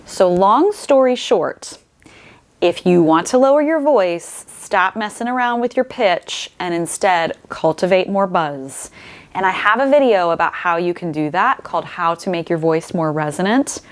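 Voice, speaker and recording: Woman, voice coach, lowish pitch, clear explanatory lesson delivery. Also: lively intonation, measured pace. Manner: explains clearly, shifts voice to demonstrate. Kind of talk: instructional talk to camera.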